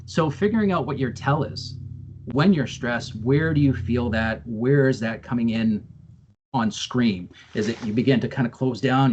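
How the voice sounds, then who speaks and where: A man's voice: medium pitch, darkish tone, highs cut off. Man giving a video-call training talk. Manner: earnest, explanatory, with frequent fillers and repeated words. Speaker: presenter. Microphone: video call microphone.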